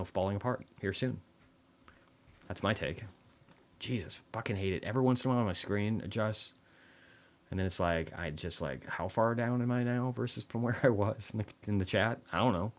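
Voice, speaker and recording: A man with a notably low, deep voice runs a loose livestream commentary. He speaks bluntly and swears freely, slipping into dry sarcasm. His talk rambles through restarts and quick asides. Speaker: livestream host reviewing markets.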